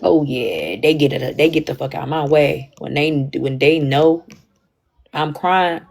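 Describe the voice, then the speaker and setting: A young woman talking candidly and casually to her stream audience, animated and slangy, swinging between loud bursts and quiet asides. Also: sits low, a little slow, creaky. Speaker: livestream host. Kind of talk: casual chat.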